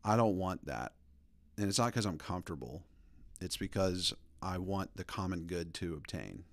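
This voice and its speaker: A man in his thirties hosting a podcast, telling stories in a rambling, animated way. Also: low-pitched, normal speed, dry recording. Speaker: podcast host. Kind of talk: casual opinion talk.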